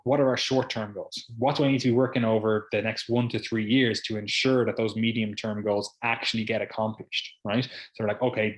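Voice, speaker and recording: A man hosting a podcast as a coach, talking casually and tagging "right?" onto his points. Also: fairly low pitch. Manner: chatty, quotes imagined people, says "right?" often.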